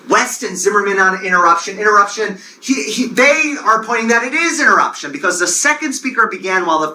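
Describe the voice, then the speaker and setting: A man with a Long Island accent giving a university classroom lecture, animated and digressive, with joking asides. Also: high-pitched, a little hiss or hum, low-quality recording.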